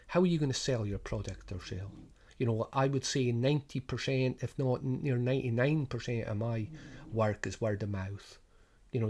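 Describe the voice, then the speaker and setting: A middle-aged man with a strong Scottish Highland accent explains a coaching programme casually, with frequent restarts and rhetorical questions. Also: darkish tone. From Scotland. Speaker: sports business coach. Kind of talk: informal spoken programme overview.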